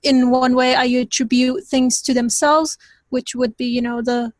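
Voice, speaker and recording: A woman's voice: high-pitched, level tone, measured pace, no room sound. A woman in a study group discussion, thinking aloud in a tentative, hedging way. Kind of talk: reflective discussion comment.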